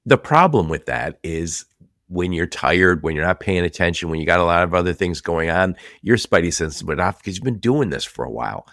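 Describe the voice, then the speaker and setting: A man hosting a business podcast, telling stories in a lively, chatty way and laughing often. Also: deep voice, brisk, dry recording, studio quality. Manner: animated storyteller, laughs often. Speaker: podcast host. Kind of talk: casual business podcast chat.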